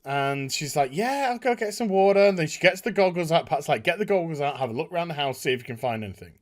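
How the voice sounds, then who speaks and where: A man's voice: on the high side, quick pace. A man giving a casual spoken review of a TV episode, acting out the characters' lines as he recaps. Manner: animated, acts out characters' lines while recapping. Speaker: TV show reviewer.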